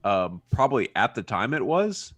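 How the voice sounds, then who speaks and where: A man co-hosting a podcast, talking casually about movies and searching for words as he goes, getting animated when something puzzles him. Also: medium pitch, normal speed, no room sound. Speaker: podcast co-host.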